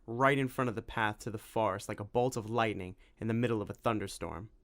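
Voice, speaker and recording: A man reading an audiobook aloud, narrating with wry, lively storytelling. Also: fairly low pitch, clear, resonant tone.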